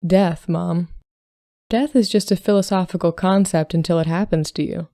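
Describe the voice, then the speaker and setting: A woman's voice: on the low side, fairly even intonation, moderate pace, dark tone, no echo, clean studio sound, close to an everyday voice. A woman voicing a troubled young adult son in a storybook reading, speaking in a subdued, earnest way.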